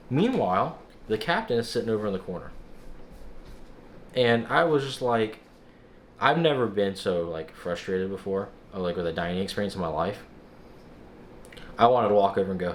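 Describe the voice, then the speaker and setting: Man, very low voice, casual vlog, exasperated storyteller, quotes people, faint noise behind. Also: expressive, fairly quick. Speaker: vlogger.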